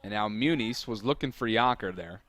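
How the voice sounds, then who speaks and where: Between plays his live commentary on a college soccer match stays steady, but he shouts out the big moments. The man's pitch is fairly low, his pace moderate, and there's no echo.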